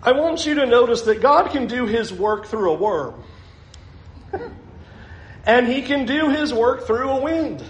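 A man's voice: extremely high pitch, very animated, unhurried, pauses often, roomy sound, lo-fi sound. A male pastor preaching a sermon in a conversational way, often chuckling as he makes his points.

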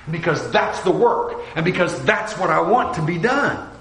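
Lively, high-voiced male preacher. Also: moderate pace, reverberant, rough recording. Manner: animated, acts out quoted voices with sudden drops to a hush. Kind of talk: sermon.

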